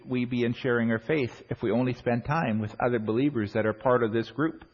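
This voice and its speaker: A man's voice: mid-range voice, steady tone, a little fast, hardly any pauses. A middle-aged man preaching a sermon in a church, earnest, working through numbered points with frequent restarts. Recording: dull audio in a long-echo hall.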